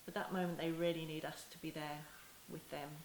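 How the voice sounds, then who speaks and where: Gentle and unhurried, a parenting educator explains her subject to camera in a lowish voice with a level tone. She keeps breaking off mid-sentence to begin again, and at moments speaks softly and tenderly, as one would to a child. The recording is echoey, with faint hiss.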